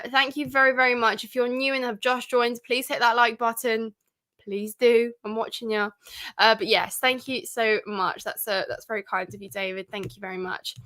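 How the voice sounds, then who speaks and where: A young woman chats through a livestream, emphatic and full of fillers. Her voice sits a little high and rings bright and forceful. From North London. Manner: chatty and emphatic, many fillers. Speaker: livestream host. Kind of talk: casual livestream chat.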